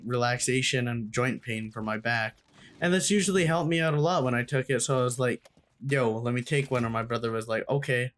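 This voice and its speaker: Young guy doing a storytime, lots of slang and cussing, mid-pitched voice. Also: fairly bright tone, a little hiss or hum. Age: young adult. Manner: slangy, swears a lot. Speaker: storytime YouTuber. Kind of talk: casual storytime.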